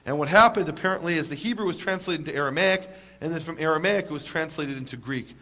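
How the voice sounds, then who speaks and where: A man's voice: fairly high pitch, fast talker, bright, forceful tone. A man giving a lecture to a live audience, emphatic, asking rhetorical questions and making wry jokes.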